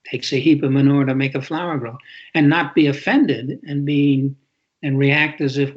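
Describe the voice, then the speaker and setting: A man's voice: mid-range voice, normal speed. An older man, a guest author, telling reflective stories in a podcast interview and often restarting his sentences. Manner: reflective storytelling with frequent restarts. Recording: dull lo-fi sound.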